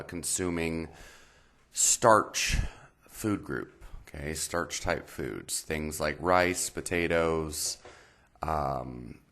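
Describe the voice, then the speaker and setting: A man's voice: very deep voice, a bit bright. A man hosting his own health channel, talking in a casual, meandering way with lots of fillers. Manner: meandering, many fillers and pauses. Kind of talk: casual explainer talk.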